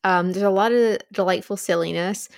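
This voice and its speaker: A woman's voice: mid-range voice, normal speed, creaky, no room sound, studio quality. A young woman co-hosting a book podcast, chatting enthusiastically with fillers and laughs. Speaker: podcast co-host. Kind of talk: casual book podcast chat.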